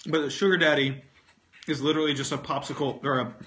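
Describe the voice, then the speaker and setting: Man on a phone livestream, rambling casual chat, chewing while talking, swears a lot, bright forceful voice, fairly high. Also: steady tone, fast talker, slight background noise. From North Carolina, US. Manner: rambling, self-mocking, swears freely, talks with food in mouth.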